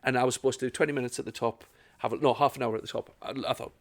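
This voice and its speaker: A man, a stand-up comedian telling animated, laughing anecdotes in casual chat. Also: mid-range voice, racing.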